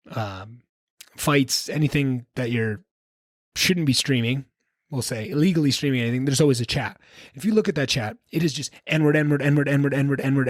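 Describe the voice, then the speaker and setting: A man's voice: mid-range voice, no echo, studio quality. A man hosting a solo podcast, talking bluntly and with a lot of swearing as he rambles through his opinions. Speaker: podcast host.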